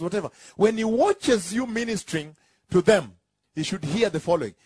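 Man, preacher, sermon, husky, high voice, emphatic, repeats phrases, dry sound. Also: animated, dry recording. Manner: emphatic and repetitive, rising into drawn-out shouts; asks the congregation for confirmation.

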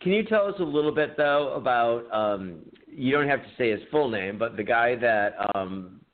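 A man's voice: medium pitch, lively intonation, moderate pace. A man co-hosting a podcast, chatting casually, swearing often and teasing his friend. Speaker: podcast co-host. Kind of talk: casual crude chat. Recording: phone-like narrow sound.

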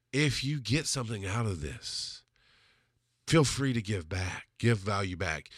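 A man's voice: fairly low pitch, fairly bright tone, no echo, clean studio sound. A man hosting a solo podcast, talking in a blunt, rambling way and swearing freely. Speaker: podcast host.

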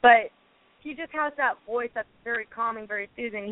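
A woman's voice: a little high, brisk, dry recording. A woman reality show cast member giving a candid, defensive phone-in radio interview, rambling and restarting her sentences. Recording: tinny phone line, dry.

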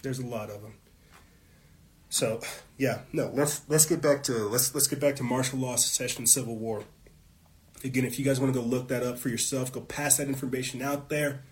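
At normal speed and medium pitch, with fairly level intonation, a male host tears into a fiery political monologue on his show. He is fired up, preachy and frequently profane.

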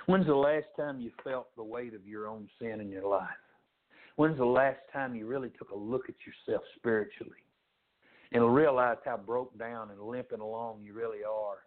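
A man preaching a sermon, swinging his pitch dramatically and acting out the voices of the people he quotes. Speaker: pastor. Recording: tinny phone-like sound.

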